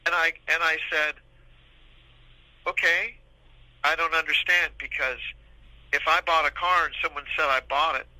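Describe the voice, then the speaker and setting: A man in his sixties, a guest on a podcast, tells rambling anecdotes in a casual, animated way, acting out the people he quotes. His fairly high voice moves at a moderate pace with long pauses, and the recording is rough, with no room sound.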